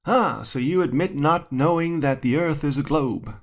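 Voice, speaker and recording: A man voicing a loud, aggressive flat-earth heckler who speaks in a put-on accent and accuses the listener. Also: fairly high pitch, moderate pace, voice pushed up, close to an everyday voice. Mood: triumphant.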